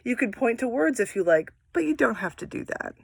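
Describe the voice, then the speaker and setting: Animated sing-song woman teaching reading. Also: a little high, fairly quick, creaky, husky. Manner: animated, sing-song and encouraging, acting out story voices. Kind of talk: instructional read-aloud guidance for children.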